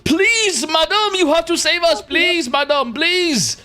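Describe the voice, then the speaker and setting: A man's voice: very high-pitched, slow, bright, forceful tone, pitched above the performer's own voice, full character voice. A man voicing a desperate young male prisoner who pleads to be rescued. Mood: desperate pleading. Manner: begging, breathless pleading.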